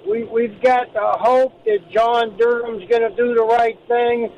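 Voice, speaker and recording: A man's voice: extremely high pitch, flat delivery, measured pace, a little mellow, dull audio. A man from Pennsylvania, a truck driver, calling in to a radio show from the road, talking earnestly with stumbling restarts. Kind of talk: phone-in call. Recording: call from a moving truck, faint road noise.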